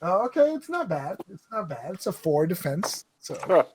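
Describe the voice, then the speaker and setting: A man's voice: high voice, big pitch swings, normal speed, slight background noise. A man running a tabletop game as game master, talking casually, laughing often and restarting his sentences.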